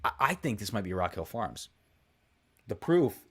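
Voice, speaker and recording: A man's voice: fairly low pitch, sing-song, normal speed, husky. A young man hosting a casual live stream, rambling and thinking aloud with lots of fillers and self-deprecating asides. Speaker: whiskey livestream host.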